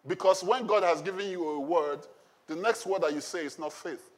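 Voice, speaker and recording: A man's voice: high voice, moderate pace. A male pastor preaching a sermon in a conversational way, often asking the congregation questions.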